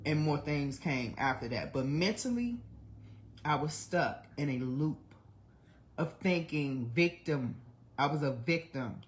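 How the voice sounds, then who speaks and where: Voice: mid-range voice, fairly bright tone. A person in their forties hosting a livestream, talking in a candid, blunt and often profane confessional monologue. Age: 40s. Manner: emotional, speaks of trying not to cry. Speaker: livestream host.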